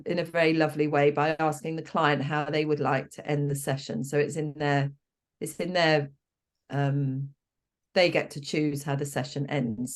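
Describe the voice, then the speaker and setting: A woman coaching trainer explaining her method, acting out sample exchanges between coach and client, with frequent ums and restarts. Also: deep voice.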